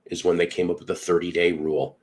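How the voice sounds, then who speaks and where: Podcast host, middle-aged man, very low voice, animated storyteller who swears freely. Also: fast. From Northern Illinois. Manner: animated, profane storyteller acting out dialogue. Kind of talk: casual storytelling chat.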